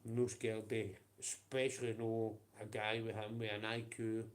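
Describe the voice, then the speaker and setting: A man's voice: fairly low pitch, flat delivery, a little slow. A man with a Scottish accent ranting on a livestream, profane and confrontational, with blunt taunts.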